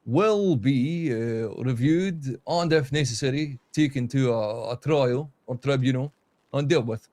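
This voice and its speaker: A man, running for mayor and speaking in a debate in a halting way with many pauses. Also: mid-range voice, darkish tone. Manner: hesitant, full of pauses. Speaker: mayoral candidate. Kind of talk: debate speech.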